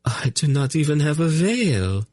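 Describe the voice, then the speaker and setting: A woman's voice: deep voice, very animated, measured pace, a little mellow, no room sound, studio quality, voice pushed up, full character voice. A man reading the part of a timid young noblewoman who speaks in old-fashioned, formal phrases and pleads in a faltering voice. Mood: trembling, pleading. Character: timid, tearful young noblewoman, archaic speech.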